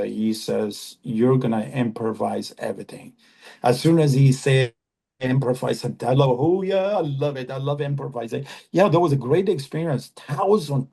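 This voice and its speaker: A man in his fifties from Afghanistan, an actor guest on a podcast interview, talking earnestly and haltingly with many repeated phrases. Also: medium pitch, gravelly, mellow, husky.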